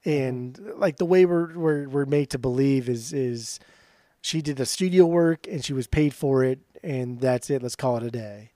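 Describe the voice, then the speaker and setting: A man co-hosting a podcast in casual, profane chat, animated and laughing often. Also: medium pitch, moderate pace, dry recording, studio quality. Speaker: podcast co-host.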